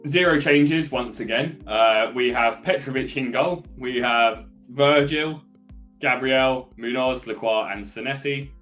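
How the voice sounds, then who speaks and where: A man co-hosting a casual fantasy football podcast, calmly laying out his options one by one with a dry sense of humour. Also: mid-range voice, unhurried, soft background music. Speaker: podcast co-host.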